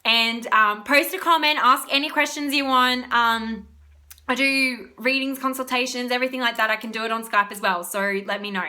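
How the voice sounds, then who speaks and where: A woman's voice: a little high, fairly even intonation, normal speed, sharp tone. A young woman, talking in a casual, rambling motivational vlog as a spiritual reader, often laughing.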